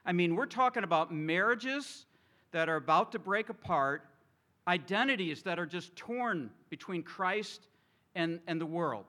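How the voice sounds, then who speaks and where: A middle-aged man preaches to his congregation in a bright, ringing voice that sits a little high for a man. He is animated and keeps drawing the listeners in with questions. The delivery is plainly a sermon. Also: a little slow. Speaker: pastor. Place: church sanctuary with congregation.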